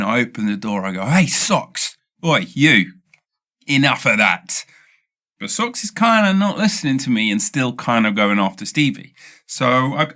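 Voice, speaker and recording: A man with a British accent, hosting a podcast and telling a rambling comic story with lots of stutters and restarts. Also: lowish voice. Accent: British English. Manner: rambling, animated, self-interrupting with stutters. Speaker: podcast host. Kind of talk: casual comedic storytelling.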